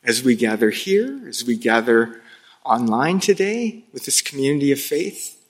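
A man preaching an Easter sermon as pastor of a church, telling the story slowly and dramatically with hushed pauses. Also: medium pitch, very animated. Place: church sanctuary. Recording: long reverb of a large hall.

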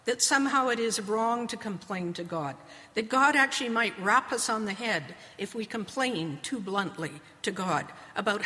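Woman, preacher, sermon, slow and measured, emphatic scripture reading, long hall echo. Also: mid-range voice, pushed and bright.

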